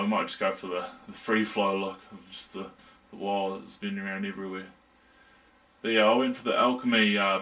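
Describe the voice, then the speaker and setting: Laid-back New Zealand man, low voice. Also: pushed and bright. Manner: laid-back, jokey, rambling with fillers. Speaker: tech reviewer. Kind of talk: casual hands-on product review.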